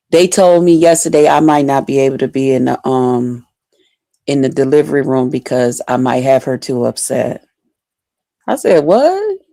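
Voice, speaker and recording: A woman's voice: on the low side, darkish tone, no room sound. A woman, telling her viewers a story in a casual, emotional way, swearing freely. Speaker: vlogger.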